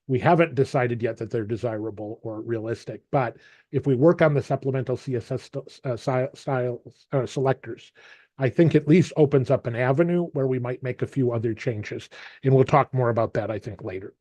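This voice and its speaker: A man's voice: medium pitch, brisk, mellow, dry recording. A man running an online meeting over a video call, talking casually and often repeating words as he thinks. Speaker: meeting facilitator.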